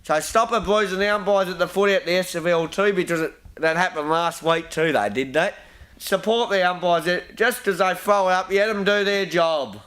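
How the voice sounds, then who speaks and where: A man's voice: sits high, fairly quick, a bit bright. An Australian man hosting a homemade football show, rambling through his tips and rants with frequent restarts. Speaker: host of a local football show. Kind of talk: casual football tips segment.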